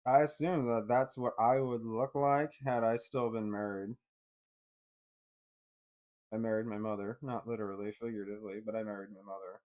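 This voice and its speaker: A middle-aged man telling a personal story in a blunt, heavily profane way, swinging between anger and quiet bitterness. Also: on the low side, steady tone, moderate pace.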